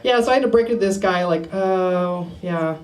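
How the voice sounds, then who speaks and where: A woman's voice: on the low side, normal speed, a little mellow. A woman performing a stand-up comedy set at an open mic, playful and laughing at her own jokes. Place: small bar open mic. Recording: noisy live room recording.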